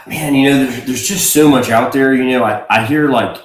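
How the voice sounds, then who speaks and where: A man, a whiskey blender, speaking casually as a livestream guest, relaxed and rambling with fillers and restarts. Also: mid-range voice, unhurried, echoey room, low-quality recording. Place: home.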